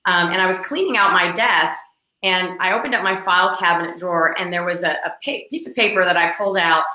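Middle-aged female agent telling a lively anecdote in a roomy interview setting; crisp, bright tone, acts out the people in her story. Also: fairly low pitch, brisk. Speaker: real estate agent, guest. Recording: roomy echo.

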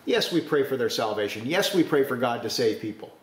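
A man preaching a sermon, forceful, with sudden rises to emphasis. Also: medium pitch, sing-song, fairly quick, reverberant.

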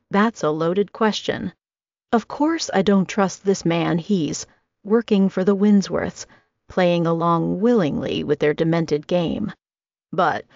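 Woman in her twenties, low gravelly voice, steady first-person audiobook read. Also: dry recording. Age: 20s. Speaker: audiobook narrator. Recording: dry, slightly dull audio.

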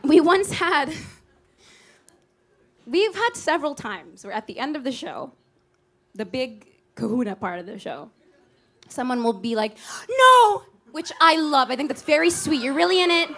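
High-voiced woman telling stories onstage. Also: animated, normal speed, pauses often, a bit bright, a faint crowd. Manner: rambling, anecdotal, chatty. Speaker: singer and stage performer. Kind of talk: cabaret stage banter. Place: small live music venue. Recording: live club recording with a band.

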